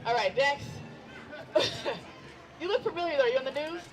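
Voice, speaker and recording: A woman's voice: high voice, expressive, moderate pace. A middle-aged woman doing a stand-up set outdoors, teasing herself and bantering with the crowd. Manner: self-deprecating, bantering with the crowd. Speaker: stand-up comedian. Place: outdoor event. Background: crowd of onlookers.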